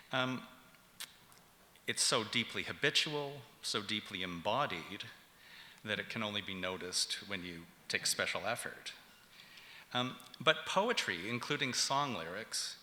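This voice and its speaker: A male professor with a low but very bright, forceful voice delivers a public lecture, measured and explanatory and scattered with ums and uhs. The sound carries a long reverb, as if captured in a roomy hall.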